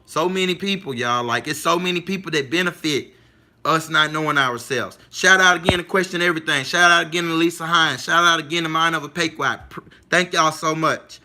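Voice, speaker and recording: High, bright-voiced man streaming live. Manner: emphatic, repetitive, keeps asking listeners if they follow. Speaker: livestream host. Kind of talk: casual livestream monologue.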